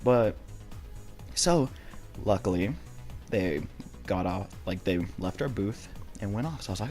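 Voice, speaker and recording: A man's voice: low-pitched, moderate pace, a little mellow, soft background music. A young man casually telling a personal story, rambling with many restarts and some swearing.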